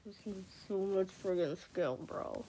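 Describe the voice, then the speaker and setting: A young woman casually chatting to herself while playing a game and watching videos, excitable and slangy, swinging between loud outbursts and quiet mutters. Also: mid-range voice, unhurried, soft background music, poor audio. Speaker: vlogger. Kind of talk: casual gaming commentary.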